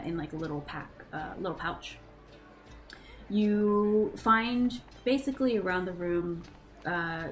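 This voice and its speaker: A woman narrating a tabletop game as game master, relaxed and hesitant with many fillers. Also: fairly low pitch, rough recording.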